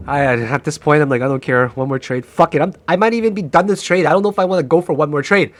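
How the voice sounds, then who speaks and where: A man giving live commentary on his own trades, excitable and profane, cocky and joking, often shouting and pleading at the price chart. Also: a little high, fast, hardly any pauses.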